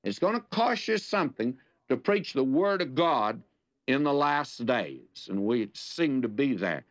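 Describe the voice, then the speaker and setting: Folksy older Southern radio Bible teacher. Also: male voice, mid-range voice, sing-song, a little slow. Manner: folksy and anecdotal, with dramatic emphasis. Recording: dull lo-fi radio recording.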